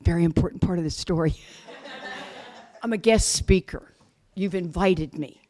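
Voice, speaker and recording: Animated woman telling recovery stories. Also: lowish voice, a little slow. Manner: animated, laughs often, acts out quotes loudly; blunt, self-mocking humor. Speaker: guest speaker at a recovery retreat. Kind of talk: storytelling recovery talk to a live audience.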